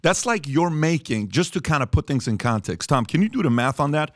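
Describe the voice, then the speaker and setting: A man's voice: on the high side, lively intonation, brisk, dry recording. A man hosting a studio talk show, speaking casually and animatedly, repeating himself for emphasis with many fillers. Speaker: podcast host.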